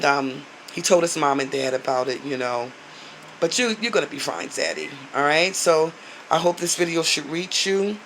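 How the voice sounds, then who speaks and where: A woman vlogger giving an encouraging, preacherly message in an informal, repetitive way, with many fillers and drawn-out phrases. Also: low voice, a bit bright, slight background noise, poor audio.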